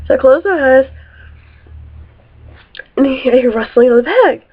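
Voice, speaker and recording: Young woman vlogging a storytime, high voice, chatty and animated, tinny phone-ish sound. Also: unhurried, breathy edge. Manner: animated, chatty storytelling with swearing and quoted dialogue. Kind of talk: storytime vlog.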